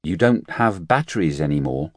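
Narrator as a low-voiced, earnest man lost in a strange era; inquisitive, puzzled questions. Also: expressive, moderate pace, darkish tone, no room sound, clean studio sound. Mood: curious. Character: curious bewildered man out of his time.

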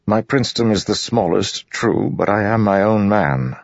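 A man voicing a wary, proud high prince who speaks skeptically and evasively, on a muffled audiobook recording. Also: expressive, normal speed, dry recording. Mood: guarded. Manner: skeptical, guarded, smoothly evasive.

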